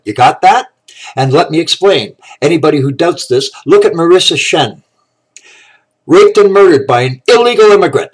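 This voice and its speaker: A man, fired up and furious, delivers an angry rant straight to camera. His voice sits a little higher than most men's, and he swears freely as his outrage builds. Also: expressive, normal speed. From Canada. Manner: outraged, ranting, profane. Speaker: political commentator.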